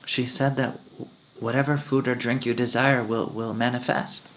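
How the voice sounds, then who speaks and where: A man playing a humble, poor old woman who speaks softly and timidly in a told story. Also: mid-range voice, little pitch movement, normal speed, close to an everyday voice. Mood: meek. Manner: soft, timid and meek.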